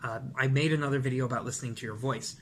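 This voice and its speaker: A man teaching presentation skills to camera, animated and demonstrative, sometimes acting out rushed nervous speech. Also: medium pitch, a little hiss or hum. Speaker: vocal and presentation coach. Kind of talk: instructional talk to camera.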